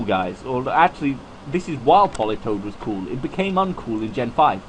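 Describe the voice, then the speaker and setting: A man's voice: sing-song, a little fast, slight background noise, poor audio. Rambling young man commentating. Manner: rambling, chatty and self-mocking, with swings in pitch. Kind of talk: casual video game commentary.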